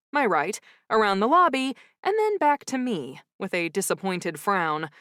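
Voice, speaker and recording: A woman narrating a cozy audiobook in first person with a wry, expressive storytelling manner. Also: mid-range voice, measured pace, no room sound. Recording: dry close studio sound.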